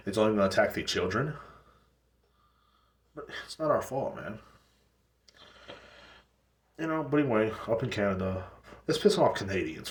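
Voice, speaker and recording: This is a podcast host with a lowish voice, recorded off-mic in an echoey room. Alone on his casual show, he rambles through a profane rant, often starting over.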